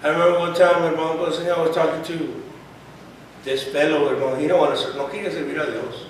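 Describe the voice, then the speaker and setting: A man's voice: on the high side, steady tone, fast, slight background noise. A male preacher giving a sermon and reading scripture aloud. He often drops in Spanish phrases and keeps saying "hermano" and "praise God.". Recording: very echoey room, voice far from mic.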